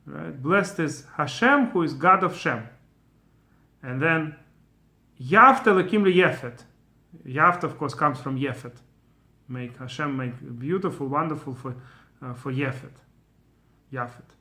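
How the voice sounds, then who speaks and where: A man's voice: medium pitch, a little slow, pauses often, sharp tone. A man teaching a Torah lesson on video, thinking aloud with fillers and restarts and now and then chanting Hebrew verses to show their rhythm.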